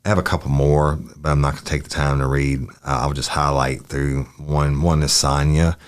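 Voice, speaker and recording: A man's voice: very deep voice, level tone, moderate pace, smooth. A man, a podcast host, reading police interview transcripts aloud in a plain, matter-of-fact way. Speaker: podcast host, retired detective.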